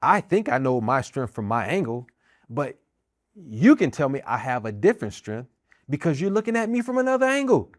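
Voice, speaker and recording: A man's voice: medium pitch, sing-song, moderate pace. Middle-aged american guy telling his own story, earnest and emphatic, keeps repeating himself, dry no-echo sound. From United States. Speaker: podcast host, army veteran and minister. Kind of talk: personal testimony talk.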